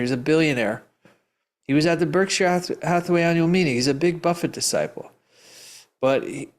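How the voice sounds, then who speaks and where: A man who teaches investing, answering audience questions live in an emphatic, rambling storytelling way, often laughing. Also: fairly high pitch. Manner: rambling, restarts sentences often. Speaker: investing educator.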